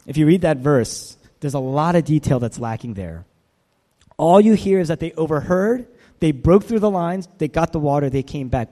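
A man's voice: mid-range voice, warm tone. A man preaching a sermon, emphatic and fond of repetition and rhetorical questions. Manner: emphatic, repeats phrases, asks rhetorical questions. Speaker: pastor. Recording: long hall reverb.

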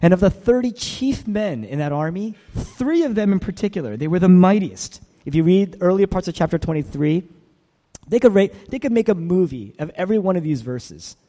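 A man's voice: high-pitched, animated, normal speed, warm tone. A man preaching a sermon, emphatic and fond of repetition and rhetorical questions. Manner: emphatic, repeats phrases, asks rhetorical questions. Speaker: pastor. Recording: long hall reverb.

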